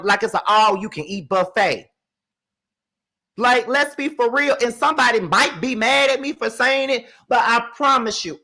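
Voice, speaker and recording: A man hosting a commentary show, ranting fierily with profanity and rapid rhetorical questions, swinging between loud and soft. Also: high-pitched.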